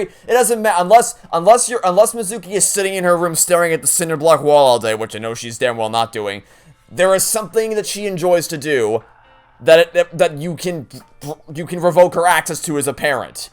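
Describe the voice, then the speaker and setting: A young man doing let's play commentary, ranting in an exasperated, indignant way with many restarts. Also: on the high side.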